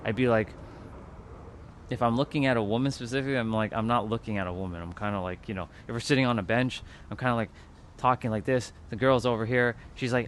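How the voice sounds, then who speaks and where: A man's voice: mid-range voice, fast, a bit bright, slight background noise. Rambling, casual livestream host man. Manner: rambling, loose and informal with frequent fillers and asides to chat; swears casually.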